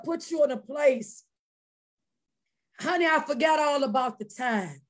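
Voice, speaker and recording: A woman missionary giving a personal testimony at a church prayer service, telling her story animatedly and breaking into shouted praise. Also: high voice, a little slow, long pauses. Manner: animated storytelling, acting out quoted voices.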